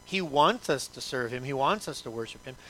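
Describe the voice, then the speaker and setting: A man's voice: medium pitch, animated, fairly quick, fairly bright tone. A male pastor preaching a sermon in an emphatic, repetitive way, asking the congregation many rhetorical questions.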